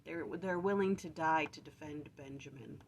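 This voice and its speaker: A woman talks through a scripture passage in a relaxed, chatty way, correcting herself as she goes. Her voice sits on the low side. A faint hum of room ambience runs underneath. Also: moderate pace. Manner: chatty, self-correcting, acts out quotes playfully. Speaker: scripture study vlogger. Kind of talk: casual scripture study and retelling.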